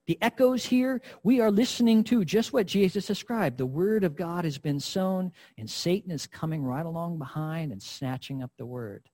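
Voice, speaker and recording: A man's voice: high-pitched, normal speed, mellow. A man preaching a sermon in an earnest, emphatic way, addressing his listeners directly.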